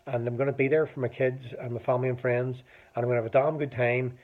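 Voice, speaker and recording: A man's voice: medium pitch, little pitch movement, quick pace. A man in his forties with a Northern Irish accent, telling a personal story in a rambling, casual way and swearing freely. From Northern Ireland. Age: 40s. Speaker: vlogger. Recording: tinny phone-like audio.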